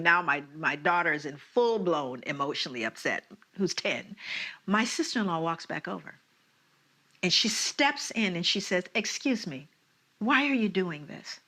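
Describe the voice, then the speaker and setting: Middle-aged woman telling a story, bright voice, pitch jumping all over. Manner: animated, often checks in with "right?". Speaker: speaker sharing a personal story. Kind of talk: storytelling talk.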